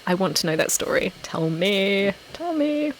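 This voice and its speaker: A woman's voice: fairly low pitch, fairly even intonation, normal speed, rough recording. A woman chatting casually on a live stream as an ASMR channel host, reading out comments, giggly and self-deprecating. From England (Essex). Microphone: desktop microphone. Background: laptop fan noise.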